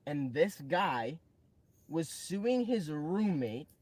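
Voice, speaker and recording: A young man with a Boston accent talks in a casual podcast chat. He pitches ideas eagerly, as if selling on an infomercial. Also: very animated, very slow, a little mellow, no room sound. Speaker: podcast co-host.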